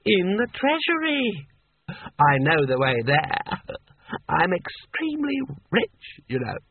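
A man's voice: huge pitch swings, slightly rough, dry recording, heavily acted. Man doing a tipsy, dreamy rich ruler. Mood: drowsy vague. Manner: slow, drawling, higher pitched. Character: tipsy, dim, wealthy male ruler, dreamy and vague. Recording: tinny narrow-band, dry.

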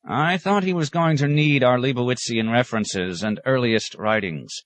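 A man's voice: normal speed, lightly acted. A man voicing an aged, querulous male monk librarian who snaps and rants indignantly. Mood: suspicious. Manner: indignant, snapping, shrill outbursts.

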